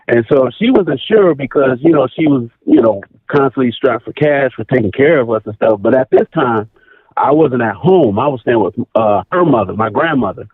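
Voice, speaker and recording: A man's voice: mid-range voice, normal speed, no echo. Man telling a story over a tinny phone line. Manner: animated, repeats phrases for emphasis. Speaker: caller. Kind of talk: casual storytelling.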